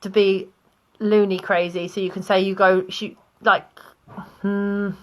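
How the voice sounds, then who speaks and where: A young woman with a British accent teaching English vocabulary online, explaining slowly with examples and small laughs. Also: mid-range voice, little pitch movement.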